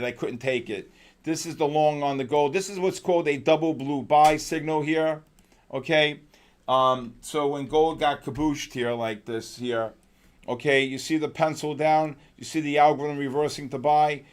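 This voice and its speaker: Excitable male trading stream host. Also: a little high. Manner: excitable, chatty, shouts out to viewers. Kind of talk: live trading stream commentary.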